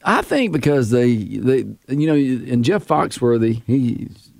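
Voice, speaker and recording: A man's voice: mid-range voice, very animated, slow, gravelly, a little mellow, dry recording. A man co-hosting a radio show and joking with the team. His voice jumps around eagerly. The recording is dry and close. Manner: enthusiastic, laughs often. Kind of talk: casual morning radio banter.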